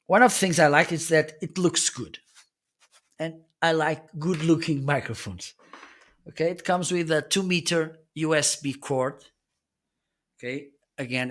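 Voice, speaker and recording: A man's voice: on the high side, a bit bright. A man hosting a livestream, casually demonstrating gear with explanations and frequent check-ins, using slightly non-native English phrasing. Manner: explanatory, often checks in with "okay". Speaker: livestream host reviewing gear.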